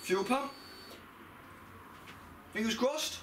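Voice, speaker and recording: A man's voice: very high-pitched, drawn-out words, very noisy. A man casually talking through a motorbike service he is doing, in a chatty, grumbling, matter-of-fact way. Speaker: motorbike mechanic vlogger. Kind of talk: casual working commentary. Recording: roomy sound from a distant camera mic.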